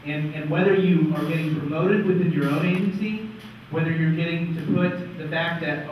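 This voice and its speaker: A man's voice: fairly high pitch, steady tone, normal speed, darkish tone, slight background noise. A man giving a conference talk in a wry, conversational way, often checking in with "right?". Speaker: conference presenter. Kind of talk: lively stage presentation. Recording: echoey hall, far-off dull mic.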